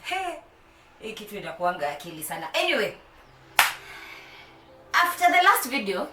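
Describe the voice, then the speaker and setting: A woman's voice: mid-range voice, very animated, a little fast, far from the mic. A young woman with a Kenyan accent chatting playfully to camera, laughing often, in a home with street noise outside. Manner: playful, laughs often, mixes English and Swahili. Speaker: vlogger. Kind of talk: casual chat to camera. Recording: roomy sound from off the mic.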